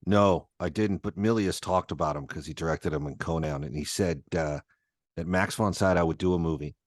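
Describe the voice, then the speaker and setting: Male host, very deep and dry; chatty storyteller, laughs easily. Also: brisk, no room sound. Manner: rambling anecdotes, laughs often, swears. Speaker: podcast host. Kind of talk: casual interview chat.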